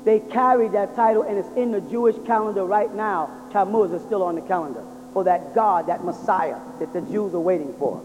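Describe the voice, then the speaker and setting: A man's voice: high-pitched, fairly quick, few pauses, a little mellow, faint music behind. A man giving a religious lecture to an audience, drilling his listeners with rhetorical questions. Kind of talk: lecture-style sermon to an audience. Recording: dull lo-fi recording in a reverberant hall.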